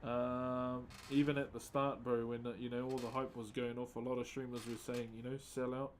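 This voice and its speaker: Carving wood on a live stream, a laid-back man with a New Zealand accent talks casually to his viewers, using relaxed slang and saying hello to them by name. He talks fairly quickly in a mid-range voice over slight background noise.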